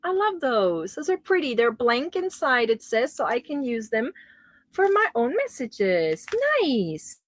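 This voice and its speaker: Slow-talking, high-pitched woman host. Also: big pitch swings, no echo, low-quality recording. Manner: gushing, exclaiming over gifts. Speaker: crochet livestream host. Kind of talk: casual livestream chat.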